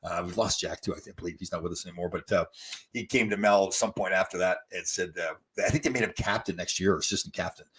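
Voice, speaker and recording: Talking fast in a low, slightly bright and breathy voice, this sixty-something host reads viewer comments aloud on his laid-back live stream. He responds to each with chatty, wandering anecdotes.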